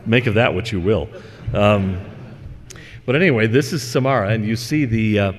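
A man giving a relaxed, conversational lecture, slowing down to read scripture verses aloud. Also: on the low side. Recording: long hall reverb.

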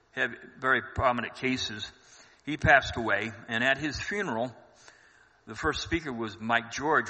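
A man's voice: mid-range voice, sharp tone. A man speaking as a guest in a casual conversation, explaining events at length with filler words, heard in a reverberant room.

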